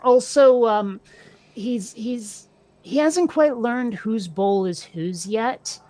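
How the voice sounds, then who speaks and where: A woman with a fairly high voice chats casually on a podcast. She rambles through anecdotes, sprinkling in filler words as she goes. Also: slow, dark tone. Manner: chatty, rambling anecdotes with many "like"s. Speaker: podcast co-host. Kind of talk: casual chat.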